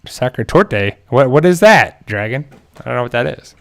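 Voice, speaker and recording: A man's voice: medium pitch, expressive, a little fast, gravelly. A man hosting a casual livestream, reading viewer comments and rambling in a joking way with frequent chuckles. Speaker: channel host reading viewer chat.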